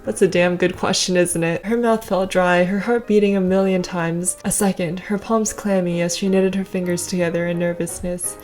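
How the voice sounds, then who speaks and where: A young woman casually reading her own childhood novel aloud with sarcastic, deadpan asides. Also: fairly low pitch, moderate pace, few pauses, faint music behind. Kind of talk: casual comedic read-through.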